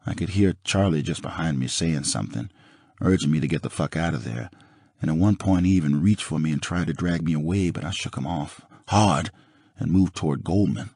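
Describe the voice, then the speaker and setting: A man narrating an audiobook in the first person with a dramatic, expressive reading. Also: rumbling low, brisk, husky, no echo, clean studio sound.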